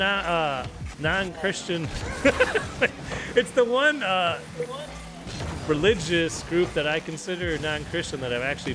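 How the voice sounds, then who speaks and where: An American man hosting a stream, chatting loosely as he watches a game, stammering, repeating himself and laughing often. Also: a little high. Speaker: streamer host. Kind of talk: casual chat while watching a game.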